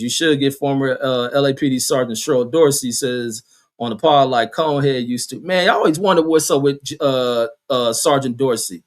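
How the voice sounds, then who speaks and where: A man hosting a live stream, reading chat comments aloud and telling stories in loose, profane talk. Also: mid-range voice. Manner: loose storytelling, heavy swearing, acts out voices.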